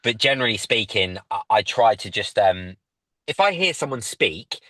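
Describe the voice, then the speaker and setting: Bright-voiced joking comedian man. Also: on the low side, big pitch swings, dry recording. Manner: jokey, riffing, quick banter with restarts. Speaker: stand-up comedian guest. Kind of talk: casual podcast chat.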